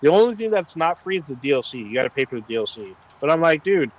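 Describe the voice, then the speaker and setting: A man's voice: a little high, big pitch swings, fast, dull audio. A man co-hosting a casual gaming podcast, talking loosely with plenty of swearing and filler words. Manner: loose and profane, lots of fillers. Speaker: podcast co-host.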